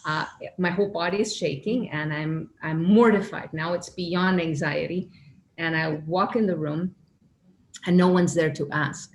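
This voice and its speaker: A woman telling a personal spiritual story in an earnest, animated way, acting out her own inner voices. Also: fairly low pitch, unhurried, a little hiss or hum. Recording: echoey room with faint ambience.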